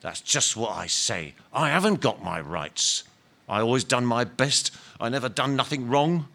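A self-righteous male ghost, put on by a man reading a story aloud, sounds indignant and stubborn. His talk is blunt and ungrammatical, full of grievance. The voice sits somewhat higher and pushier than the reader's own. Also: animated, normal speed, vocal fry, bright, forceful tone. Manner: indignant, insistent, ungrammatical working-class talk. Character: bitter aggrieved male ghost, former workman, self-righteous. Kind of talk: dramatic reading of a novel.

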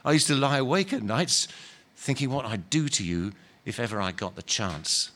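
A gentle, humble male spirit, as a man reading a story voices him. He speaks low and soft, earnest and unhurried, with patient calm. The tone is plain and kind. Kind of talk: dramatic reading of a novel.

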